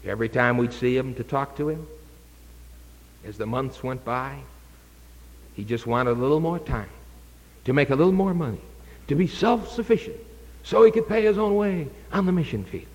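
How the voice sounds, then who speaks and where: A man preaching an urgent evangelistic sermon, dramatic and moving from hushed to loud. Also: medium pitch, animated, normal speed, pauses often, big-room sound, low-quality recording.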